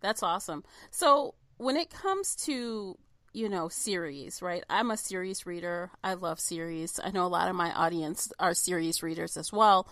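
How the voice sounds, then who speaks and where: A woman's voice: on the low side, normal speed, fairly bright tone, no room sound. Enthusiastic woman podcast host in a dry room. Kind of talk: interview chat.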